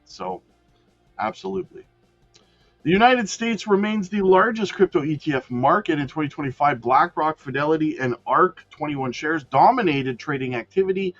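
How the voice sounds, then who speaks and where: A man's voice: fairly high pitch, muffled recording. Man reading crypto news, casual asides. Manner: addresses viewers as guys, frequent self-corrections.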